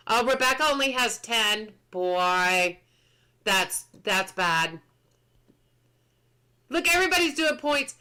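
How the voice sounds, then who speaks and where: A woman's voice: high voice, very animated, takes it slowly, sharp tone. A woman game streamer chatting casually on a live stream, reading patch notes aloud, answering chat and laughing often.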